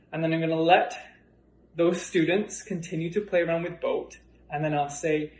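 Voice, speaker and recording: A male yoga teacher leads a workshop demonstration with spoken cues, relaxed and chatty, slipping in light chuckles between points. His voice sits a little high for a man and carries a roomy studio echo, and he sounds a little out of breath. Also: moderate pace.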